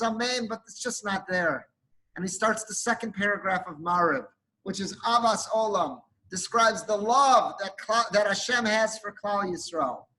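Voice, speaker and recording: A rabbi delivers a sermon as a heartfelt story. His voice sits high and sounds bright and forceful. He works Hebrew and Yiddish terms into his English. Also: a little hiss or hum, low-quality recording.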